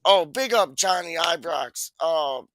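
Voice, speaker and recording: A man's voice: fairly high pitch, animated, slow, a bit bright, a little hiss or hum. Slangy, rambling male stream host. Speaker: livestream host. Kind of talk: casual chat.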